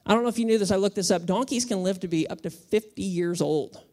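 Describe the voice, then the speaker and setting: A pastor delivering a sermon in a relaxed, conversational way. They mix humor with emphatic points and speak at a mid pitch. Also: fast.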